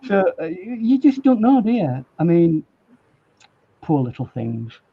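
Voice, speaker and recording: Phone-quality audio carries a man from Yorkshire, England demonstrating watercolor as a guest artist, joking, rambling, and often laughing while he paints. He speaks Yorkshire English in a high, expressive, slightly rough voice at a slow pace.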